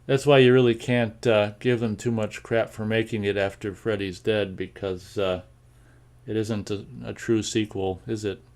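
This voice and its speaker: Rambling, low-voiced American man. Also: steady tone, moderate pace, a little mellow. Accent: General American. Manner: rambling, with many fillers and repeated words. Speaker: live show host reading chat comments. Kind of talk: casual live-stream chat.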